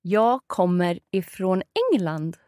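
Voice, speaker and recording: A Swedish woman with a Swedish accent teaching her native language, encouraging the learner and saying words clearly for him to copy. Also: fairly low pitch, slow pace, mellow, dry recording, clean studio sound. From Sweden. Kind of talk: conversational language lesson.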